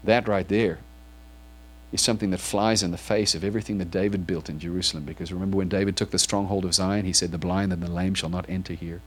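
A man's voice: low-pitched, fairly even intonation, quick pace. A man preaching to his congregation in church, reading scripture aloud and then asking it probing questions. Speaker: pastor. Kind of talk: sermon.

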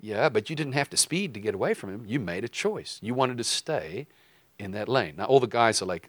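A man giving a conversational teaching sermon in a lively way, breaking into quoted voices and jokey asides. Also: on the low side, brisk, no echo. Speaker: preacher teaching a lesson.

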